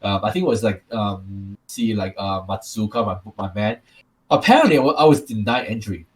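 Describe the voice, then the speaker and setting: A man's voice: lowish voice, expressive, normal speed. A man from Taiwan with a Taiwanese accent, co-hosting a casual podcast and telling rambling stories with repeated words and restarts. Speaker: podcast co-host.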